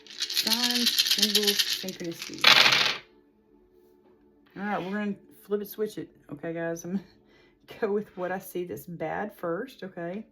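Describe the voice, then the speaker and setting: A woman's voice: fairly low pitch, steady tone, moderate pace, music in the background. A woman in her forties giving a casual, chatty tarot reading, rambling with lots of fillers. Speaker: tarot reader.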